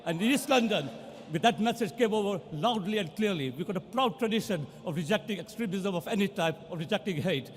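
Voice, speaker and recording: A man giving a passionate victory speech as a newly elected assembly member, building to rousing shouts in a large count hall. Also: high voice, lively intonation, a little fast, breathy edge. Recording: long reverb of a big hall.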